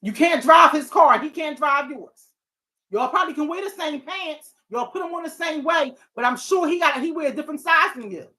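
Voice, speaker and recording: A middle-aged woman hosting a talk show, speaking casually and animatedly to her audience, preachy and quick to digress. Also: high voice, expressive, pushed and bright. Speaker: talk show host and therapist.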